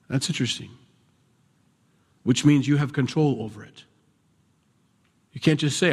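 A man preaching a conversational sermon, animated and self-deprecating, swinging between loud bursts and quiet asides. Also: mid-range voice, moderate pace, long pauses. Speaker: pastor. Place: church sanctuary. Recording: church sanctuary with long reverb.

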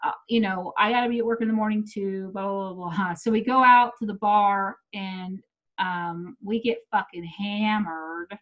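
A woman's voice: medium pitch, fairly even intonation, normal speed. Blunt middle-aged woman, lo-fi recording. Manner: blunt, swearing storyteller. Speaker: comedian. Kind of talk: casual unedited chat.

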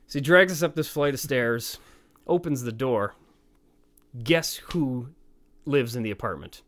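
A man's voice: mid-range voice, a little slow. A middle-aged man, a touring band musician, telling road anecdotes in casual chat and acting out the people in them. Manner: animated anecdote teller, acts out quoted voices.

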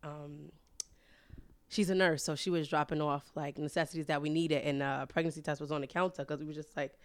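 A woman in her twenties from Harlem, New York, telling stories lively as a guest in a casual interview. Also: sits low, a little fast, background noise. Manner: animated storyteller, acts out others' lines with laughter. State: pregnant. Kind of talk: casual storytelling chat.

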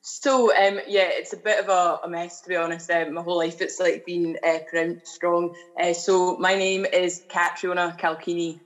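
A young woman from Glasgow with a low-pitched voice, a guest on a podcast interview. She talks loosely and chattily, with easy fillers and restarts. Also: level tone, moderate pace, few pauses, poor audio. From Glasgow, Scotland. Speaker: guest artist.

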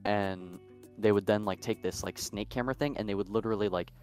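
Low-voiced young man rambling a story. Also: fairly even intonation, fairly quick, a little mellow, soft background music. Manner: rambling, lots of "like" fillers. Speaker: podcast co-host. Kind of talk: casual storytelling chat.

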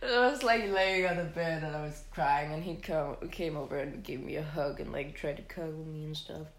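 A young woman hosting, telling a personal story casually, animated and full of fillers and swearing. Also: low voice, normal speed, slight background noise. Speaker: host. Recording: echoey room.

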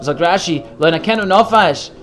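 A man's voice: sits high, lively intonation, normal speed, a bit bright. A man leading a text study class, reading each Hebrew phrase and then translating it. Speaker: Torah teacher.

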